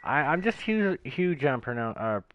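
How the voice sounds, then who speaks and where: Lively man rambling over game chat. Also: mid-range voice, normal speed, a little hiss or hum. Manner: animated, rambling storyteller. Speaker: gaming channel host. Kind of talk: casual chat while gaming. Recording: dull lo-fi voice chat.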